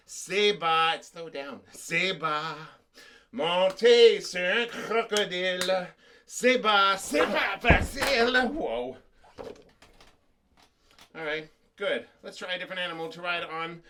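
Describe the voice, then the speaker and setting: A man leads small children through action songs on a video call, chanting and joking in a playful way. His voice sits high and sounds bright and forceful. There is a faint hiss behind him. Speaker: children's music teacher. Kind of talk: leading a kids' music class on a video call.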